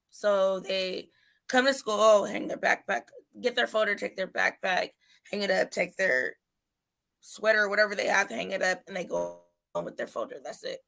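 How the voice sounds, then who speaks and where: A mother in casual chat, telling an animated story and acting out her son's voice. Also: medium pitch, moderate pace, gravelly.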